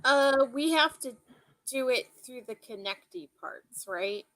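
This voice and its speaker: A woman player in casual table banter, joking in a dry, deadpan way. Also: high voice, slow, low-quality recording.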